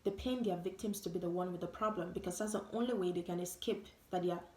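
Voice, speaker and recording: A woman's voice: on the low side, quick pace, darkish tone. Woman ranting to camera, hammering points again and again, bit of room echo. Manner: emphatic, repetitive, rhetorical questions. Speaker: vlogger. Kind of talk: opinion vlog monologue. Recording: roomy echo.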